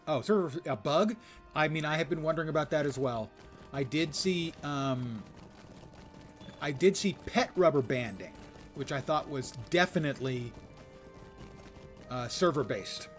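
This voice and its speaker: An older man giving rambling, wry live commentary while he plays a game. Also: on the high side. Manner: wry, rambling, self-mocking asides. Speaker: game streamer.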